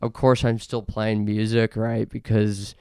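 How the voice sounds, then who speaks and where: A young adult man from Canada hosting a podcast, rambling through an absurd comedic monologue in a deadpan way, with lots of fillers. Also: lowish voice, unhurried, clean tone, no echo, studio quality. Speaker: podcast host.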